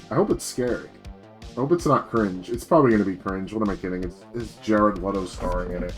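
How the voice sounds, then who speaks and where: A man streaming as a VTuber, rambling in a casual rant full of fillers and swearing. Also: fairly low pitch.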